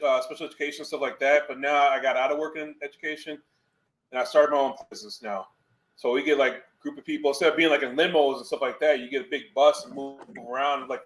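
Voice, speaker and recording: Quick-talking man rambling on a podcast. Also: on the high side, a bit bright, a little hiss or hum. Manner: rambling, filler-heavy, says "like" a lot. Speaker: guest, former football player. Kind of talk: casual podcast chat.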